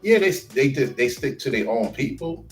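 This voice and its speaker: Man, casual chat co-host, animated storyteller, roomy sound with faint music behind. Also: mid-range voice, moderate pace. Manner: animated storytelling, slips into quoted voices.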